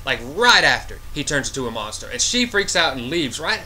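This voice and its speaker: A man's voice: mid-range voice, very animated, fairly quick, few pauses, bright, forceful tone, a little hiss or hum. A man giving a casual, rambling movie review, exasperated and full of filler words.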